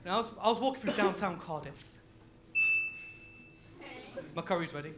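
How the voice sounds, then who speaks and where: A young man from Leicester doing a live stand-up set, loud and laughing, full of crude banter with the crowd. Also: high-pitched, racing, heavy background noise. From Leicester, England. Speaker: stand-up comedian.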